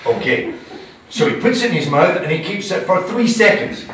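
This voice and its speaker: A man leading a live whisky tasting, telling stories with theatrical, animated flair. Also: high voice, moderate pace. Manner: theatrical, animated storyteller acting out his stories. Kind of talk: live tasting talk with anecdotes. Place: indoor event venue with an audience. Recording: very echoey room, distant, faint hum.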